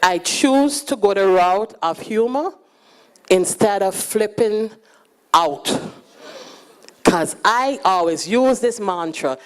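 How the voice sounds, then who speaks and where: A woman in her forties, speaking at a conference, telling lively personal stories with frequent laughter. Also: medium pitch, slow, clean tone. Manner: lively, animated and laughing, acting out quotes. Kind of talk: personal storytelling talk. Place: conference stage.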